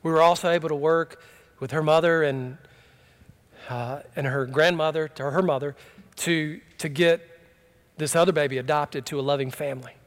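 A middle-aged pastor preaching a sermon, swinging from impassioned emphatic cries to quiet, low storytelling. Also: male voice, steady tone, normal speed.

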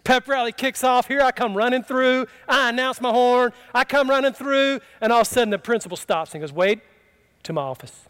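High-voiced man preaching a sermon. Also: a little fast, few pauses, a bit bright, clean tone. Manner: conversational, humorous, asks the congregation questions. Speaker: pastor. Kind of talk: sermon with personal story.

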